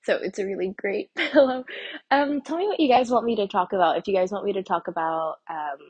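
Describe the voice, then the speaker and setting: A woman's voice: medium pitch, a little fast, breathy edge, dull audio. A young woman hosting a casual solo podcast, rambling and chatty with lots of fillers and restarts, recorded on an earbud mic while walking around. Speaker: podcast host. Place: walking indoors. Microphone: earbud microphone.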